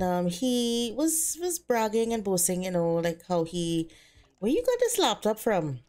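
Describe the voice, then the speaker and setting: A woman's voice: medium pitch, a little mellow. Chatty woman narrating a life-sim game. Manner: chatty, voices the characters' dialogue in her own voice. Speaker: Sims let's play narrator. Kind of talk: casual gameplay narration.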